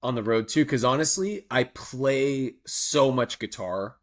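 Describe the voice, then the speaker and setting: A man's voice: mid-range voice, measured pace. A touring guitarist, a man, telling stories in casual chat, rambling with lots of "like" and frequent laughter.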